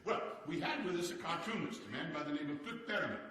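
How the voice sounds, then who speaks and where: A man playing a hearty, boastful statesman from the turn of the century, telling stories to a seated audience in a theatrical, animated way with chuckles. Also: a little high, fast talker. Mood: genial. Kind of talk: live historical character monologue. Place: large hall with a seated audience. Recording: echoey hall, distant mic.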